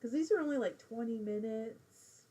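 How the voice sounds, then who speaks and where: A woman's voice: on the high side, moderate pace, dark tone, breathy edge. A middle-aged woman hosting a casual live crafting stream from home, chatting while she knits and reading viewer comments aloud.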